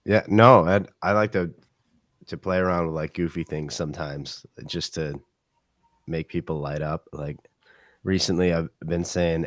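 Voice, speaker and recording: A man chatting casually on a podcast, relaxed and jokey, chuckling as he talks. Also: low-pitched, measured pace, no echo, studio quality.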